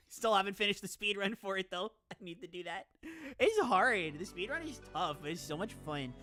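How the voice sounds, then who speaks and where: A woman VTuber streamer chatting casually on stream, excitable and gushing, laughing often and rambling into asides. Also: mid-range voice, normal speed, faint music behind. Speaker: VTuber streamer reacting to viewer game lists. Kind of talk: casual live-stream chat.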